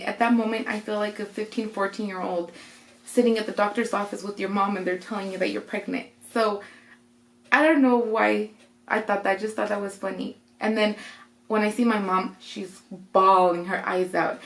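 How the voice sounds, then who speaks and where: A woman's voice: mid-range voice, moderate pace. A young woman casually telling a personal story, acting out what people said along the way. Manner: chatty, retelling with quoted voices. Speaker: vlogger. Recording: roomy echo.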